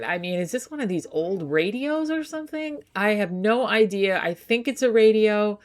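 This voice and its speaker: A woman's voice: mid-range voice, very animated, moderate pace, hardly any pauses. A woman chatting casually and eagerly in a thrift shopping vlog, thinking aloud about her finds. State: out of breath while loading the car. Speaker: thrift vlogger. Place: indoors at home on a couch.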